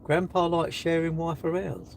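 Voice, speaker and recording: A man's voice: fairly high pitch, little pitch movement, normal speed, gravelly, a little hiss or hum. An older man hosting a casual livestream, teasing viewers and bantering in a cocky way as he reads their chat messages. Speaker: livestream host reading chat. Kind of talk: casual live-stream chat.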